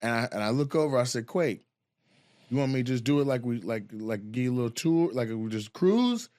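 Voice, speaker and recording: A man, a comedian hosting a casual chat, telling a story with animated, profane delivery and laughter. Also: medium pitch, brisk, dry recording, clean studio sound. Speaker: comedian host.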